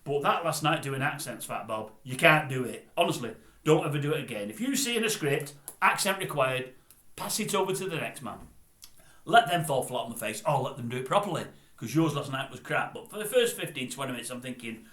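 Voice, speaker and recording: A man's voice: mid-range voice, animated, brisk, a bit bright, reverberant. An older man with a Northern English accent, ranting bluntly and scornfully to camera as a vlogger. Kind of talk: grumpy rant to camera.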